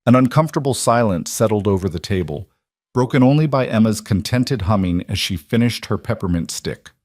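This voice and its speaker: A man narrating a scripted Western story in a steady, measured way. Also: fairly low pitch, no room sound, clean studio sound.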